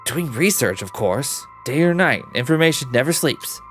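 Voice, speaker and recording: A man's voice: mid-range voice, animated, moderate pace, fairly bright tone, soft background music, voice pushed up, close to an everyday voice. A man doing a curt, prickly historian. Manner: curt and impatient.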